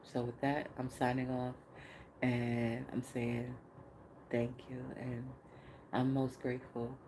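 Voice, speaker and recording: A woman's voice: rumbling low, level tone, takes it slowly, noisy background. A woman hosting a podcast, speaking candidly in a casual spiritual monologue, laughing often and swearing freely. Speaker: podcast host.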